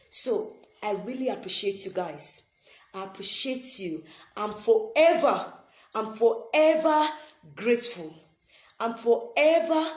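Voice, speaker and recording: Slow, earnest woman in an echoey room. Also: a little high. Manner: slow, earnest, repeats phrases for emphasis. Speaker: vlogger addressing fans. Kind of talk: emotional direct-to-camera address.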